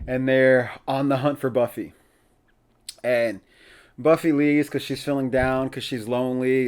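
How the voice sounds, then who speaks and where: A man with a middle-pitched voice talks through an episode in a loose, conversational recap. He is chatty and opinionated and often breaks into laughter. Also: smooth. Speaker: podcast host.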